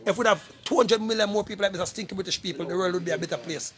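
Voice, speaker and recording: Here a middle-aged Jamaican man, a vlogger seeking donations, speaks rapid-fire and casually to camera, his voice sitting high with a fairly bright tone. He keeps making the same emphatic plea, repeatedly calling out to people.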